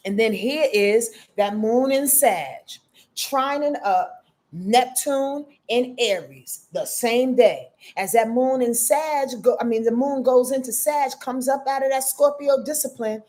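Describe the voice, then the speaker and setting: Animated, slangy woman in her fifties. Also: fairly high pitch, unhurried. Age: 50s. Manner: animated, slangy and profane, addresses listeners as y'all; swings between loud outbursts and soft murmurs. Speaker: astrology host. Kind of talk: casual astrology forecast monologue.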